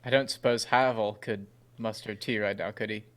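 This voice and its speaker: A man's voice: fairly low pitch, fairly even intonation, moderate pace, fairly bright tone, close to an everyday voice. A man voicing Edward, a polite character who offers tea in a friendly, lightly teasing way.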